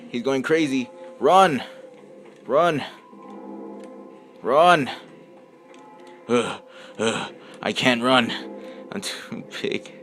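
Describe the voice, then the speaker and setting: Jumpy young man narrating horror gameplay. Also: a little high. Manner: jumpy, yelps and screams at scares, mutters to himself. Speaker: gameplay commentator. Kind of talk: horror game let's play commentary.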